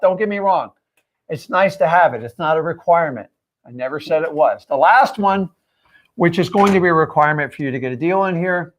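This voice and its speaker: A man's voice: high-pitched, fairly quick, lo-fi sound. Emphatic man coaching viewers. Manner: emphatic, direct, talks straight to viewers. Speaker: real estate coach. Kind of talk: live stream teaching.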